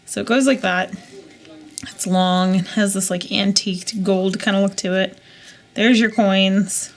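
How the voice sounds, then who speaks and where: A woman's voice: mid-range voice, steady tone, a little slow. A woman in her thirties from the United States, chatting casually and rambling as she unboxes jewelry, with muttered asides to herself. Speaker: jewelry reseller vlogger. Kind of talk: casual chat while unboxing.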